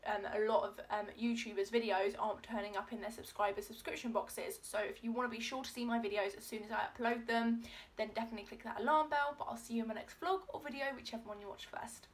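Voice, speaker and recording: A woman's voice: a little high, steady tone, quick pace. Gushing young woman vlogger. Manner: gushing, gasping, lots of "oh my god". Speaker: beauty vlogger. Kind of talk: excited unboxing vlog.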